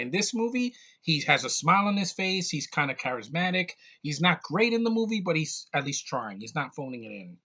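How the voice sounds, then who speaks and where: Male reviewer, casual monologue, bright voice, blunt and jokey, rambles with fillers. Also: fairly high pitch. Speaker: movie reviewer.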